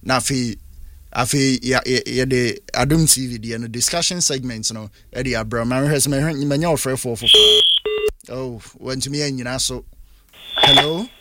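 A man with a Ghanaian accent hosting a radio phone-in, briskly inviting listeners to call in. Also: mid-range voice, pushed and bright, a little hiss or hum. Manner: brisk, reads out phone numbers and invites callers. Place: radio studio.

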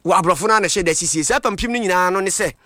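A man reporting the news as a voice-over, brisk and quick, with occasional hesitations. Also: high voice, sharp tone, no room sound.

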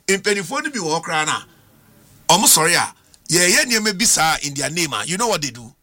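Emphatic Ghanaian man, high and animated. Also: fairly quick. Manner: emphatic, argumentative, rhetorical questions, mixes languages. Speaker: political panelist. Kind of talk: heated political talk show debate.

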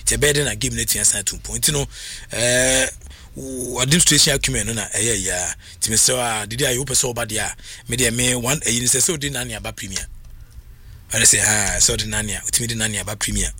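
A man giving animated, excitable sports commentary as a radio host, switching between languages and laughing often. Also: mid-range voice, fairly quick, slightly rough.

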